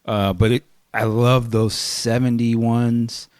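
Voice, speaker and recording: A man hosting a casual podcast chat, laughing easily and trailing off quietly. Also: medium pitch, little pitch movement, slow, clean tone, no echo, clean studio sound.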